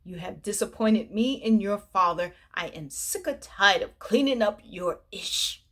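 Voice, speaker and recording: A woman voicing a stern, threatening older mother who scolds slowly and menacingly. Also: mid-range voice, lively intonation, fairly bright tone. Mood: stern scolding.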